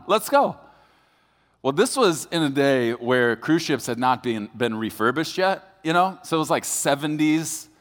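A man preaching a sermon as pastor, telling a story with jokes and building to serious points. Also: medium pitch. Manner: storytelling, animated and joking. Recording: long hall reverb.

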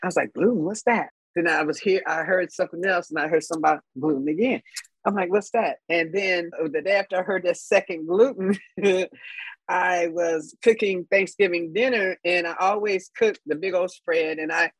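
A woman in her sixties from Los Angeles, telling her life story as a podcast guest in a frank, animated way and laughing often. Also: on the low side, moderate pace, slightly rough, dry recording, rough recording. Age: 60s. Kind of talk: candid storytelling.

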